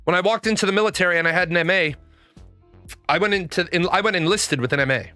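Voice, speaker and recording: A man with a bright, forceful voice pitched a little high talks casually on his livestream, drifting from rambling war stories into chat questions and dropping curse words along the way. The sound is dry and close, with faint music playing underneath. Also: quick pace, dry recording. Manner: rambling anecdotal storytelling with swearing. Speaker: live streamer.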